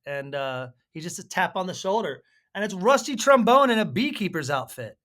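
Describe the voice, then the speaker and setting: A man co-hosting a podcast, casually recapping a film with halting speech and frequent fillers. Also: high voice, expressive, pushed and bright. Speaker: podcast co-host. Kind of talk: casual movie recap chat.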